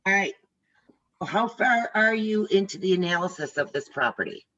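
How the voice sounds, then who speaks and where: An older woman instructor talks to her trainees over a video call in a chatty, direct way, often telling stories from the job. Her voice is bright and forceful. The sound is slightly muffled. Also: medium pitch, lively intonation, moderate pace. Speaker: real estate instructor. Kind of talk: casual teaching on a video call.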